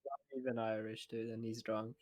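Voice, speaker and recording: A man's voice: lowish voice, flat delivery, moderate pace, darkish tone. A man playing a tabletop game, with laid-back, joking banter. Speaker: player. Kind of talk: casual tabletop game play.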